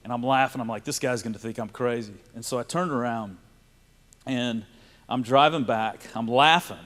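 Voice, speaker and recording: A man's voice: mid-range voice, normal speed, fairly bright tone. A man, telling a personal faith story to a live audience in a storytelling way. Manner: storytelling, laughing and tearful in places. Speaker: speaker sharing a testimony. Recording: reverberant hall.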